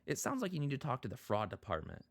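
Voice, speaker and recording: A man's voice: mid-range voice, big pitch swings, quick pace, vocal fry, no echo, pitched above the performer's own voice. A man putting on the voice of a breezy, overly upbeat female customer service rep on the phone. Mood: chirpy.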